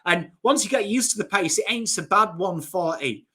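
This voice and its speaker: A man's voice: high-pitched, animated, moderate pace, bright, forceful tone. A man in his thirties with a Yorkshire accent, chatting casually and enthusiastically about cricket, blunt and a bit sweary. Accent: Yorkshire English. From Northern England. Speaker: cricket YouTuber. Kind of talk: casual chat.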